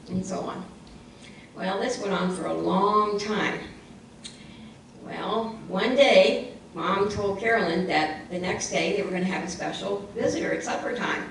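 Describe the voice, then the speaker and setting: A woman telling a story to children at church, expressive and lively, repeating lines for emphasis. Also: medium pitch, unhurried, creaky, a little hiss or hum. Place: church hall. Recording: echoey church hall from far off.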